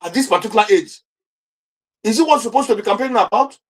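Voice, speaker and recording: A man's voice: high voice, quick pace. A middle-aged man with a Nigerian accent, an interview guest giving indignant political commentary full of rhetorical questions, often repeating and restarting words.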